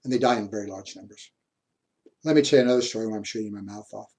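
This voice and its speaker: A man with a lowish, darkish voice lectures quickly on history at a university. Anecdotes from his own life come in a chatty tone, punctuated by frequent chuckles.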